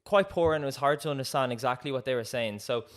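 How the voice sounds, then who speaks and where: A man's voice: mid-range voice, quick pace. A young man, a podcast co-host telling a story in casual chat, acting out quoted dialogue with frequent laughs. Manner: lively, acts out quoted dialogue, laughs often.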